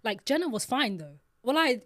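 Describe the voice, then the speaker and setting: A woman, a podcast co-host and mother, chatting casually in an animated, slangy way. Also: a little high, moderate pace, dry recording, studio quality. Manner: animated, slangy storytelling with mimicked shouts. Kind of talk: casual chat.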